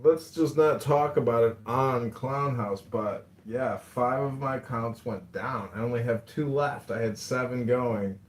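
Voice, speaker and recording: A man's voice: mid-range voice, a little slow, hardly any pauses, reverberant, a little hiss or hum. A man hosting an online audio chat room, talking casually in an upbeat, slogan-like way and greeting people by name.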